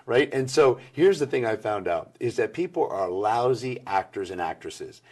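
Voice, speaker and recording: A middle-aged man giving energetic interview answers about workplace communication, acting out the people he quotes. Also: medium pitch, moderate pace, few pauses. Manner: animated, acts out quoted people.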